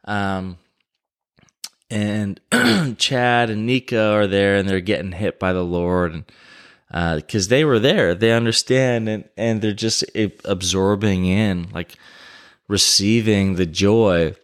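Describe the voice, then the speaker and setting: Slow, deep-voiced man telling a story. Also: smooth. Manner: relaxed, rambling with many fillers. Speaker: podcast host. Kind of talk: casual storytelling.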